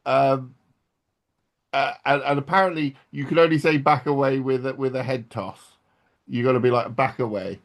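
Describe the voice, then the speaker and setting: A man's voice: medium pitch, steady tone, moderate pace, long pauses. A man telling a casual anecdote at a game table, rambling with many restarts.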